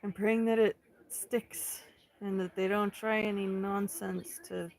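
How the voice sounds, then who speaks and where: A woman in her thirties from Central California, a livestream host chatting calmly with her viewers and answering their comments one by one. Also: mid-range voice, low-quality recording. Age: 30s. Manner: calm, unhurried, answering chat comments one by one. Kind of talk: casual chat with livestream viewers.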